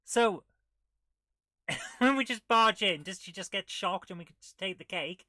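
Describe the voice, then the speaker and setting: A woman's voice: mid-range voice, lively intonation, moderate pace, sharp tone, no room sound, studio quality. A woman, hosting a retro game playthrough, reading the game's text aloud with wry, jokey asides. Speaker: retro gaming host. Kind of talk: casual game playthrough commentary.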